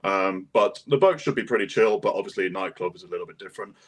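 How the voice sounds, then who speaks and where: A man's voice: sits low, lively intonation, quick pace. A man explaining event plans in a casual panel chat, rambling with many fillers and restarts. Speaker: event organizer guest.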